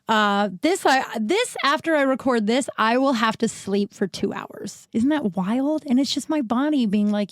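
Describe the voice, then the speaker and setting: A woman's voice: fairly high pitch, a little slow, no room sound. Tired, rambling woman podcaster, dry sound. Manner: rambling, self-interrupting, candid with swearing. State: sick and tired. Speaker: podcast host. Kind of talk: casual solo podcast chat.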